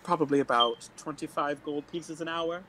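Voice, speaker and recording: A man playing a character in a tabletop game, talking in a hesitant, halting way with frequent laughs. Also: a little high. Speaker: player. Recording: faint background noise.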